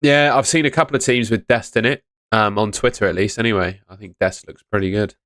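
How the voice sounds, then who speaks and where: Chatty and relaxed, the young man runs through fantasy football picks on his live stream and replies to viewers' messages as casual commentary. He talks briskly in a fairly low voice, and the stand-mounted studio mic keeps things dry and close, with little room sound.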